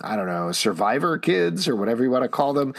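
A man with a slightly husky, mid-pitched voice hosts a casual comic book podcast. He introduces each issue and its creators in a brisk, matter-of-fact way. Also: very animated. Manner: reads titles and credits in a brisk, matter-of-fact way.

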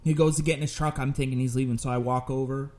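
Profane, animated male storyteller. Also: medium pitch, quick pace. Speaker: podcast host. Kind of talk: casual storytelling.

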